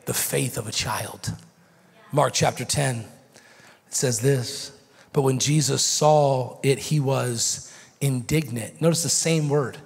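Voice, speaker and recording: A man preaching a sermon as pastor in a church, moving from quiet teaching to loud, shouted preaching. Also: medium pitch, measured pace, gravelly, pauses often, husky. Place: church sanctuary. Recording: long hall reverb.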